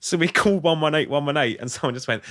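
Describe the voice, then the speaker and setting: A man's voice: on the high side, fast talker. A man co-hosting a podcast, chatting casually and telling stories with lots of swearing and laughter. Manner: animated, swearing, laughing storyteller. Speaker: podcast co-host. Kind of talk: casual chat.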